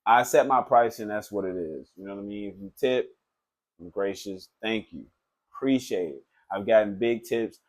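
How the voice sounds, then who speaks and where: A man who works as a tattoo artist, telling a story in a loose, animated, profane way, full of filler phrases. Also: lowish voice, normal speed. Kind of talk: casual storytelling.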